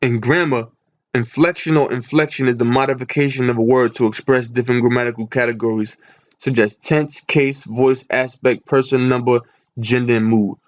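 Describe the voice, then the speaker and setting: A man's voice: mid-range voice, steady tone, moderate pace, dull audio. A man giving a Bible lesson from his computer screen, asking and answering his own questions as he reads. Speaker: Bible teacher. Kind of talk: screen-share scripture lesson.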